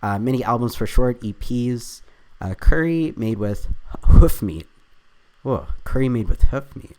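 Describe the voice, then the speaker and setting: A man's voice: medium pitch, lively intonation, unhurried, darkish tone. A man hosting his own video, thinking aloud as he works through a crossword, reading clues half to himself with chatty, self-deprecating asides.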